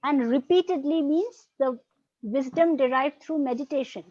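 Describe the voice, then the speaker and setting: A woman's voice: high-pitched, normal speed, warm tone, no room sound. A woman teaching an online Buddhist philosophy class over a video call, explaining patiently and often checking in with "right?" and "okay". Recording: dull lo-fi video call audio.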